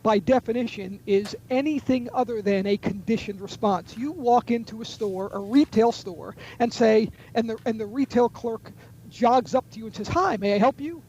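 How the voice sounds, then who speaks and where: A sales trainer and author appears as a guest on a webinar, confidently coaching listeners on call techniques and acting out sample phone calls. His voice sits high and warm, delivered at a normal speed. The lo-fi recording carries slight background noise.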